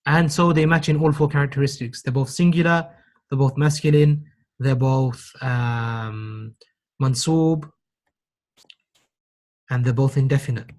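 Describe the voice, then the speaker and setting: A man's voice: mid-range voice, steady tone, unhurried, pauses often, a little mellow. A man teaching an Arabic grammar class, patiently repeating key phrases and praising his students. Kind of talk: classroom lesson.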